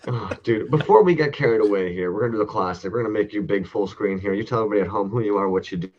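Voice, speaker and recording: A man co-hosting a casual online chat, telling stories in a loose, rambling way with plenty of swearing. His voice sits fairly low, and the sound is dull and lo-fi. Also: rapid-fire, a little mellow, a little hiss or hum. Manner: rambling, profane storyteller. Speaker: podcast co-host.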